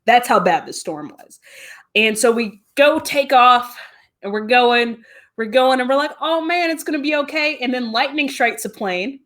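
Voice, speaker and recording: Animated woman telling a story. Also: on the high side, unhurried. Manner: animated, laughing, full of fillers like "like". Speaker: guest. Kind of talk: casual storytelling.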